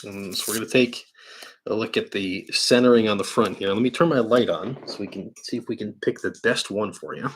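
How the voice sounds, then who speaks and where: Opening packs on a live card-break stream in an indoor studio, this New Yorker talks casually and thinks out loud. His voice sits fairly low and sounds husky, and he speaks briskly.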